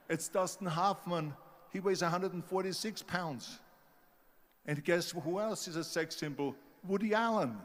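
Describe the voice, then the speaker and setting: German-accented older man, big hall echo. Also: high-pitched. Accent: Austrian German. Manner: storytelling, acts out quoted doubters. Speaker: motivational speaker. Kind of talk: motivational speech. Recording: long hall reverb.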